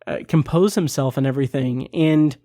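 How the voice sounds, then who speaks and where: Reviewing a podcast episode, this male host gets emotional, gushing casually with many fillers while fighting back tears. He speaks at a moderate pace in a warm, medium-pitched voice, recorded dry at studio quality.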